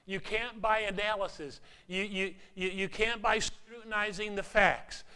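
An older male preacher delivering a sermon with a bright, forceful voice pitched a little high. He talks conversationally and asks his listeners questions. He builds to emphatic peaks and then drops into hushed asides. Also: steady tone, unhurried, clean tone.

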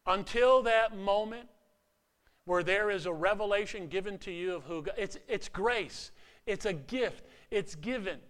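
Animated older male preacher, bright voice. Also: sits high, measured pace. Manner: animated, rises to emphatic peaks then drops to hushed asides; conversational, asks the audience questions. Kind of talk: sermon.

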